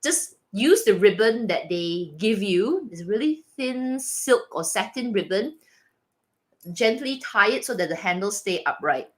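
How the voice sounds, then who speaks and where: A woman hosting a casual live Q&A, chatting with viewers and reading their comments aloud. She is animated and laughs often, with frequent restarts. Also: medium pitch, a little slow. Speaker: livestream host reading viewer chat.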